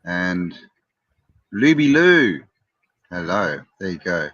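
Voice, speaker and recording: A low-voiced man co-hosting a casual online chat show, teasing his friends and calling out hellos to viewers. His voice is close and dry, with dull lo-fi sound. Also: big pitch swings, slow pace, a bit bright, no room sound. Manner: joking, teasing, greets viewers. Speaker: co-host. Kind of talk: casual live-stream chat.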